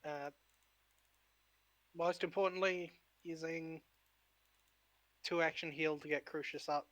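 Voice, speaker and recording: A man's voice: on the high side, steady tone, slow pace, a bit bright, dry recording. A man playing in a tabletop game, talking casually and a little hesitantly. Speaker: player.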